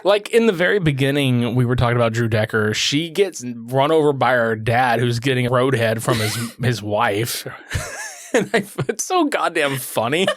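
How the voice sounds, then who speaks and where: A man's voice: medium pitch, expressive, normal speed, no room sound, studio quality. A man co-hosting a podcast in casual, profane chat, often laughing and acting out quotes in raised voices. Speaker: podcast co-host.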